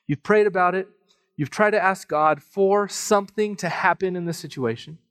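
Animated man preaching a humorous sermon. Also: high voice, moderate pace, smooth, dry recording, clean studio sound. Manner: conversational storytelling with self-deprecating humor; animated, with frequent fillers and asides. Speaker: pastor.

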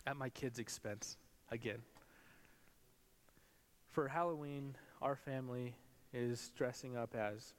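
A man in his thirties, a pastor, giving a conversational sermon and telling family stories, his voice leaping up when he quotes others. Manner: conversational storytelling, pitch jumps when quoting others. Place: church sanctuary. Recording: long hall reverb.

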